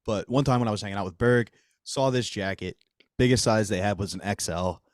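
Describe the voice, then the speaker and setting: A man's voice: on the low side, fairly quick, no room sound. Dry-voiced man telling a comic story. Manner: profane, joking, acts out others in his stories. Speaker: podcast co-host. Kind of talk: casual comedic storytelling.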